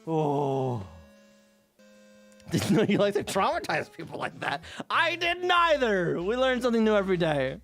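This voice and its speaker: An animated man streamer tells casual stories in a fairly high voice that rises and falls a great deal. He swears freely and laughs often. Faint music plays in the background. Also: measured pace, gravelly. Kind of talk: casual storytelling on a live stream.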